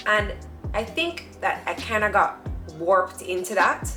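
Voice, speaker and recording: A young Jamaican woman telling her own story in a chatty, animated way, acting out the voices of people she quotes. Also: mid-range voice, a little slow. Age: young adult. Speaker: vlogger. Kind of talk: casual personal storytelling. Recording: echoey room with faint music.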